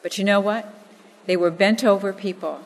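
An earnest woman teaches scripture, telling stories with emphatic weight on key phrases. Her voice sits at a middling pitch and rings out with a long hall reverb. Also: steady tone, normal speed. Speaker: Bible teacher. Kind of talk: expository Bible teaching with personal stories.

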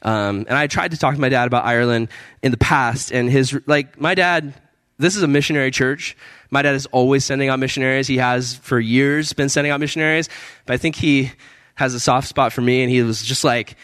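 A man in his thirties, a pastor, telling a personal story in a sermon, chatty and animated, full of fillers, laughing and jumping up in pitch on exclamations. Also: a little fast, no echo.

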